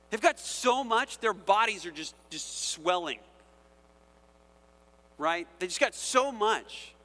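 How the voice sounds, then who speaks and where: A man preaching a sermon in a casual, conversational and animated way, often checking in with the audience. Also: high-pitched, slow pace, pauses often, long reverb tail. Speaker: pastor.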